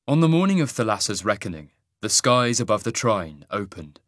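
Measured male audiobook narrator. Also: fairly low pitch, a bit bright, no room sound, clean studio sound. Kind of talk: scripted fantasy narration.

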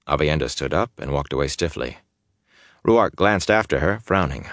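A man narrating a fantasy novel in an even, measured reading on a close mic. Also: very deep voice, no echo. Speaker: audiobook narrator. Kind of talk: scripted narration.

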